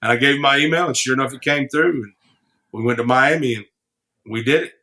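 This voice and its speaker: Speaking fast with a bright, forceful tone in a mid-range voice, a singer-songwriter on a podcast tells rambling stories. He restarts often and laughs readily as he chats casually.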